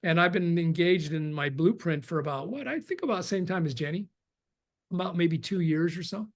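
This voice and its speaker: A man's voice: on the high side, brisk. A man chatting on a video call webinar, rambling with restarts and acting out quoted dialogue. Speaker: webinar participant. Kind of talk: casual chat.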